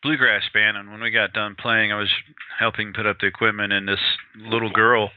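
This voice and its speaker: A man from Colorado hosting a radio interview, talking in a relaxed, conversational way and telling stories with small hesitations. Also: on the low side, no echo. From Colorado, USA. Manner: relaxed, conversational, halting storyteller. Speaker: radio host. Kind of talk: interview chat. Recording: tinny phone-line sound.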